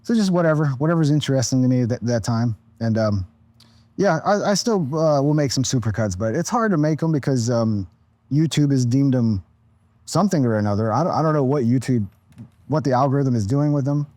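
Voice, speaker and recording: A man's voice: medium pitch, animated, fairly quick, mellow, no echo. Tired, rambling man in his thirties. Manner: rambling, profane, laid-back, full of restarts. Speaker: podcast guest, content creator. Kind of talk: casual podcast chat.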